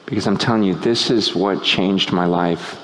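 A man preaching a sermon at a tent meeting, moving from hushed, low musings to loud, shouting peaks. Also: normal speed. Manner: animated, swinging from hushed to shouting.

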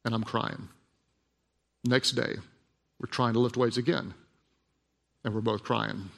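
A man preaching a sermon, telling a personal story in a hushed voice and then building to emphatic, repeated lines. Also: mid-range voice, steady tone, measured pace, vocal fry. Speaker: pastor. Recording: long hall reverb.

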